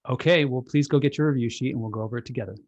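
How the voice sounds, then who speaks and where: A worried parent gives firm instructions about homework, as a man acts out the role. The voice is a little husky. The sound is dry and dull, like a lo-fi video call. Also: mid-range voice, rapid-fire, a little mellow, dry recording. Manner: edgy then firm, instructing.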